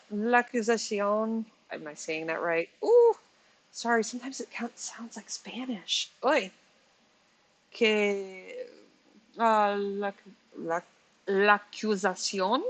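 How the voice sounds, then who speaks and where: Woman, forties, casual commentary vlog, chatty, exasperated, laughs and self-corrects, mid-pitched. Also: rough recording. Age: 40s. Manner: chatty and exasperated, stumbling over pronunciations. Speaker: commentary channel host.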